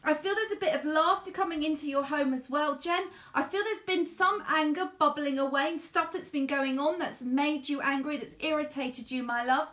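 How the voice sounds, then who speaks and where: A woman's voice: high voice, animated, moderate pace, roomy sound. A woman doing a live medium reading, chatty and gushing, calling viewers darling and honey. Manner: warm, chatty, endearments to viewers; gushing, repetitive phrasing. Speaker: psychic medium.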